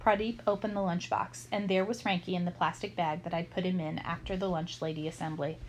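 A woman reading a children's chapter book aloud, telling the story in a lively, expressive way. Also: on the low side, fairly quick, slight background noise, low-quality recording. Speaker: storybook reader.

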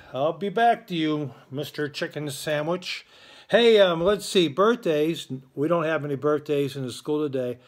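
A man hosting a school morning show, giving casual announcements in a chatty, joking way. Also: medium pitch. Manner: chatty, playful, joking with listeners.

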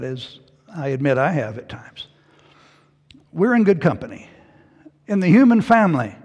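A man preaching a sermon as pastor, who takes on the pleading voices of the Bible's questioners in a hushed tone. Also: sits high. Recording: long hall reverb.

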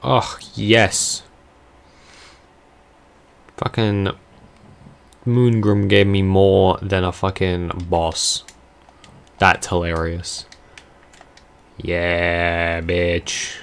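Low, slow-talking man swearing at a game. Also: level tone, gravelly. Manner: swears a lot, loud outbursts at the game. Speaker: gamer playing a video game. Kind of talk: casual gameplay commentary.

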